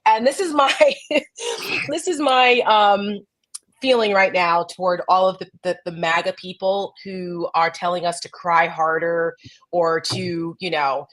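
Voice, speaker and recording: Jersey-accented woman co-host; blunt, lively, cusses, casual chat delivery. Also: lowish voice, a little slow. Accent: New Jersey. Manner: animated and blunt, swears freely.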